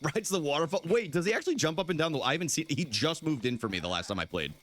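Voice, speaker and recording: Young guy streamer joking with chat, voice jumping all over, faint game noise behind. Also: fast. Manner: goofy, banters with chat, animated swings in pitch. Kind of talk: casual live gameplay chat.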